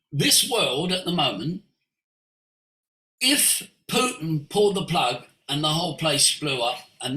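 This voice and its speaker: Male voice coach, very bright and lively, preachy teaching talk, roomy video-call echo. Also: a little high. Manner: animated and preachy, sweeping emphasis.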